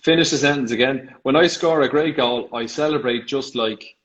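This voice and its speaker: A man hosting a casual live video call interview, laughing often and firing off quick playful questions. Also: mid-range voice, fairly bright tone. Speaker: host. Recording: slightly dull video call audio.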